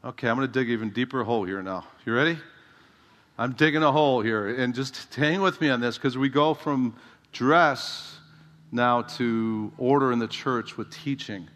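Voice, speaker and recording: A man's voice: medium pitch, moderate pace, fairly bright tone. A middle-aged man preaching a sermon as a pastor, conversational and direct, often asking the congregation rhetorical questions. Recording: long hall reverb.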